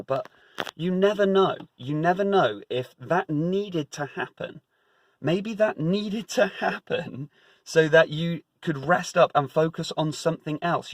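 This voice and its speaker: A man's voice: fairly high pitch, no room sound. A man giving a casual, emphatic spiritual talk, conversational with many repeats and fillers.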